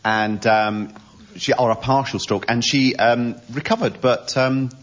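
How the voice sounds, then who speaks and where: A man's voice: mid-range voice, fairly even intonation, measured pace. A man on a comedy panel, telling a comic story hesitantly with many ums. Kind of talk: casual comic banter. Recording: muffled broadcast recording.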